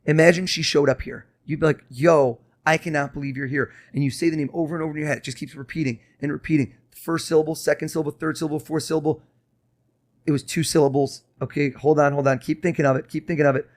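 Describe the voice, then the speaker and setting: A young man, a mentalist guest on a podcast, talking fast and coaxing as he reads a host's mind live. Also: on the high side, level tone. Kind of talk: casual podcast talk with live mind-reading.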